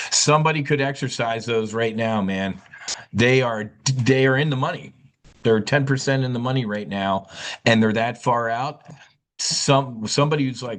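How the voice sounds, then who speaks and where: A man hosting a live options trading webinar, animated and blunt, scolding and repeating himself as he talks through trades. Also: mid-range voice.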